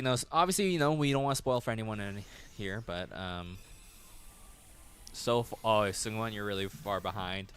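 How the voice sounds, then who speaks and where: A man's voice: fairly low pitch, fairly bright tone, clean tone. A man streaming games and chatting casually, rambling, laughing often and swearing freely. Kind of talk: casual livestream chat.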